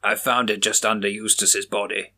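A man's voice: on the low side, little pitch movement, moderate pace, pushed and bright, slightly rough, full character voice. A man doing a clipped, defensive officer. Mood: grim. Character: male police officer, steady and defensive partner.

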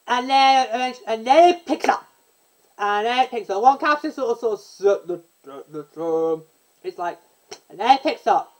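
A woman's voice: medium pitch, poor audio. Rambling woman chatting about a musical. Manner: rambling, self-interrupting, breaks into sung snippets. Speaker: podcast host. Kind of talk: casual chat about a musical.

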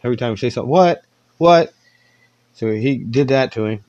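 A man's voice: mid-range voice, fairly even intonation, racing, a little mellow, no room sound, dull audio. A man hosting a podcast from home, telling rambling stories in a laid-back way and laughing at them. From Virginia. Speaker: podcast host. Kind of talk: casual storytelling.

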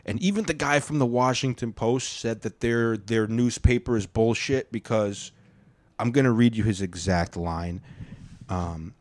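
A man's voice: medium pitch, unhurried, darkish tone. A man hosting his own podcast in casual solo commentary, rambling and profane, with frequent restarts. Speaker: podcast host.

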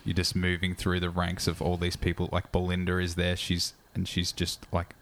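Deep-voiced young male game master. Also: monotone, normal speed, a bit bright, a little hiss or hum. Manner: casual, many fillers. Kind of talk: narrating a tabletop game.

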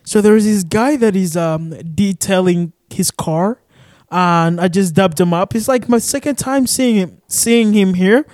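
A man's voice: high voice, unhurried, a little mellow, dry recording. A young man from Arizona hosting a casual solo podcast, rambling with lots of fillers and cursing, recorded in a shared studio office. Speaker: podcast host.

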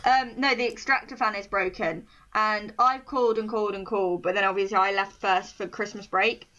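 A young woman chatting casually on a podcast, animated and quick to laugh as she rants. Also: mid-range voice, lo-fi sound. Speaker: podcast co-host. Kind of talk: casual chat.

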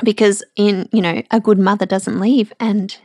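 A woman, hosting a personal podcast, speaking candidly and emotionally with halting restarts, close to tears. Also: medium pitch, little pitch movement, dark tone, no room sound. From Australia. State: tearful. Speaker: podcast host.

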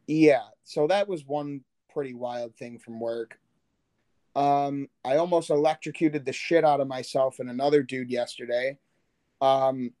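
A man co-hosting a podcast rambles loosely about his week in casual chat, swearing casually and correcting himself. His voice is a little high, mellow and smooth, with no room sound.

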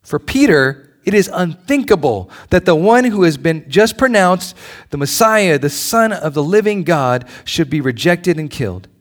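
A middle-aged man, a pastor, preaching a conversational sermon in a church, swinging between loud pleas and soft asides. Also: on the high side, animated, moderate pace.

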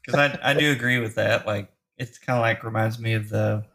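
A man's voice: fairly low pitch, steady tone, fairly quick, bright, forceful tone. A man co-hosting a podcast, giving short laid-back replies in a casual film chat. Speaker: podcast co-host.

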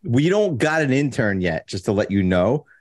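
A man hosting a recovery podcast in casual, joking chat, rambling with many fillers and restarts and clearing his throat. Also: mid-range voice, big pitch swings, normal speed, darkish tone. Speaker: podcast host.

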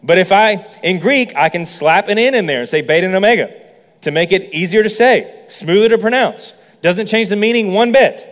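A man's voice: high-pitched, normal speed, hardly any pauses, big-room sound. A man preaching a sermon as a pastor, explaining points with playful asides to the congregation. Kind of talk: sermon teaching.

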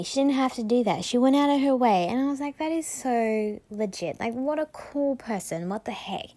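A woman's voice: sits high, a little mellow. A woman hosting a casual solo podcast, telling a story in a chatty, enthusiastic way. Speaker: podcast host.

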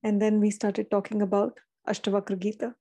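A woman with a mellow, dark-toned voice gives a calm, reflective spiritual talk. She speaks with gentle emphasis and the odd filler, as if on a call. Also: mid-range voice, a little fast. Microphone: call recording.

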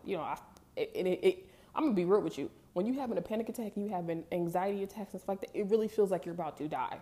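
Candid young woman, low mellow voice. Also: fast. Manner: candid, conversational, emphatic. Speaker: vlogger. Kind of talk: casual storytelling to camera.

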